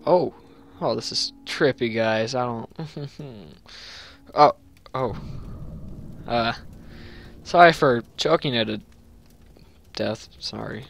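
A young man chatting through a horror game, talking casually and yelling in panic at the scares. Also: mid-range voice, slow pace, vocal fry, long pauses. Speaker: gameplay commentator. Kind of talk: horror game let's play commentary.

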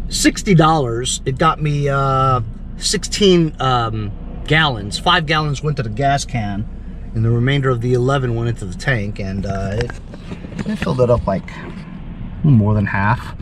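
A man's voice: medium pitch, a little slow, a bit bright, a little hiss or hum. A man hosting a small engine repair channel, chatting casually with rambling asides and lots of fillers while he works. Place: home garage and car.

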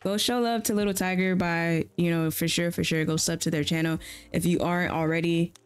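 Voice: medium pitch, fairly even intonation, brisk, smooth. A streamer in casual live-stream chat while playing a game, laid-back and chatty, often repeating slang phrases.

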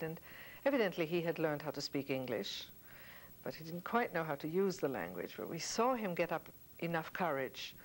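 A woman's voice: sits low, slight background noise, low-quality recording. An older woman, a singer who grew up in German-speaking Europe, telling stories from her past in a wry, anecdotal way and laughing at her own tales. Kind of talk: reminiscing storytelling.

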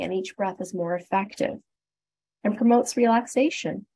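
A Canadian woman gives a webinar on breathing and stress, sounding upbeat and encouraging as she goes through each step. Her voice is a little breathy, and it comes through a computer mic on a video call. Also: medium pitch, normal speed, dark tone, poor audio. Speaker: guest speaker, respiratory therapist. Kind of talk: webinar presentation.

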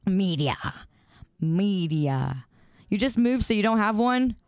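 A woman's voice: medium pitch, big pitch swings, slow, darkish tone, smooth, dry recording, clean studio sound. A woman streamer chatting casually and playfully with her live chat, greeting viewers by name in a sing-song way.

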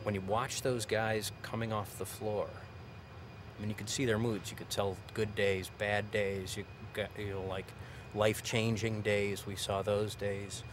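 A man's voice: on the low side, level tone, unhurried. Reflective man over street noise. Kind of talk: documentary interview. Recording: outdoor city noise behind him.

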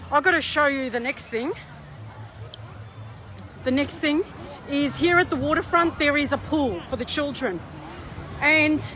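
High, bright-voiced woman ranting outdoors. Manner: indignant, exasperated, ranting. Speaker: livestreamer. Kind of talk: outdoor phone livestream rant. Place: busy outdoor waterfront and pool area. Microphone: phone held in hand. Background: faint crowd chatter and outdoor noise.

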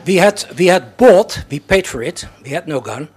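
Audience member, male, rambling and halting, slightly higher voice. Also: expressive, slightly rough. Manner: halting, rambling, many fillers. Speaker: audience member asking a question. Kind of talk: rambling question from the floor. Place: lecture hall.

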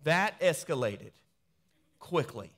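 A pastor reading scripture aloud in a sermon, breaking off into quieter conversational asides. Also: male voice, fairly high pitch, big pitch swings, takes it slowly. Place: church sanctuary.

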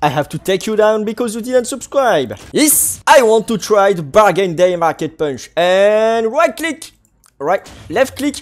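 Excitable gamer. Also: mid-range voice, unhurried. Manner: excitable, exclaiming and laughing often. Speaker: gaming channel host. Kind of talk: Minecraft gameplay commentary.

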